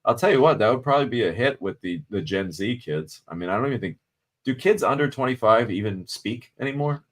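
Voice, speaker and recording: A man's voice: medium pitch, animated, brisk. A man hosting a podcast, talking bluntly and casually, calling listeners brother. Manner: blunt, conversational, calls people brother. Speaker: podcast host.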